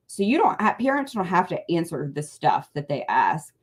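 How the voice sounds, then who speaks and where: A middle-aged woman with a somewhat low voice talks casually as a guest on a political show. She rambles, breaks off mid-word and restarts often, and leans on fillers. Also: sing-song, moderate pace, slightly rough. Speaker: guest, parent advocacy co-founder.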